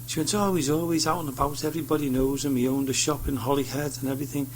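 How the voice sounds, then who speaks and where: This studio guest speaks fast, with a fairly high pitch and fairly even intonation, over slight background noise. He rambles through anecdotes in a relaxed radio chat, mimicking the people he quotes.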